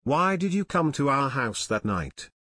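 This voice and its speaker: A man's voice: mid-range voice, very animated, measured pace, a bit bright, slightly rough, dry recording, clean studio sound, exaggerated voice. A man reading a plucky teenage boy detective who asks direct questions, in an audiobook. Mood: earnest.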